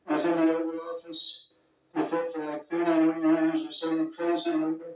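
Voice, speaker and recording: Guy rambling through a speech, kinda high voice, really echoey big room. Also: monotone, fairly quick, a little mellow. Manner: rambling, digressive, folksy asides. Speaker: speaker greeting leaders at a summit. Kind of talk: off-the-cuff public speech. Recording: very echoey hall, distant mic, faint music.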